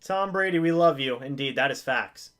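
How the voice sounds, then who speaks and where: Hosting a live reaction stream of a game, this man speaks in a mid-range voice at a moderate pace. He narrates the plays, begs the players to come through, and jokes at his own expense through the loss with excitable energy.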